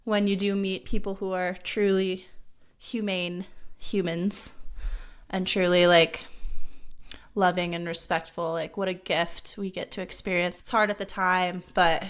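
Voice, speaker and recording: A woman's voice: fairly low pitch, little pitch movement, unhurried, clean tone. Earnest woman co-hosting a casual podcast. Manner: earnest, many "like" fillers. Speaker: podcast co-host. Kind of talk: casual chat.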